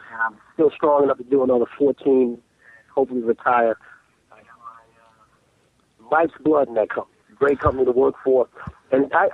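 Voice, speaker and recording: A man on a call-in line tells animated stories and keeps stumbling over his own restarts. His voice is gravelly and lively, and it comes through a tinny, dry phone connection. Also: medium pitch, dry recording. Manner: animated storyteller who restarts his sentences. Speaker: call-in guest. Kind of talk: casual phone interview. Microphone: telephone.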